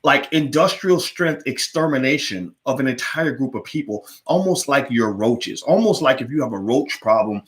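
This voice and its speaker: A man's voice: medium pitch, animated, normal speed, few pauses. A man delivering an emphatic, preachy monologue to his listeners, often repeating words as he pushes his point. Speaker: political commentator. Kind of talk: opinionated monologue.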